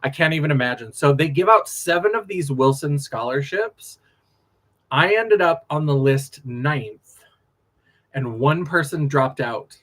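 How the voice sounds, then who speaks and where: A man, a drag performer, chatting casually on a late-night livestream, animated, laughing often and drifting from story to story. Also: fairly high pitch, measured pace.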